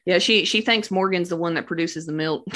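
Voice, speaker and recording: A woman's voice: fairly low pitch, a bit bright. A young woman telling her birth story in a casual, devout way, with many fillers and words of praise. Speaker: new mother sharing a birth story. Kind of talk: casual personal testimony.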